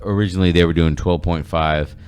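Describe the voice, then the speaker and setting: Deep-voiced man hosting a podcast. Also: steady tone, brisk, a little mellow, a little hiss or hum. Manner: rambling, many fillers and restarts. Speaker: podcast host. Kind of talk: casual discussion.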